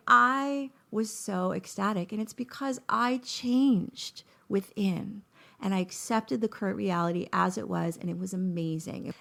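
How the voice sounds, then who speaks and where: Gravelly-voiced woman telling a personal story. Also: mid-range voice. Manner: animated, acts out her own inner voice in quotes. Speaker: podcast host.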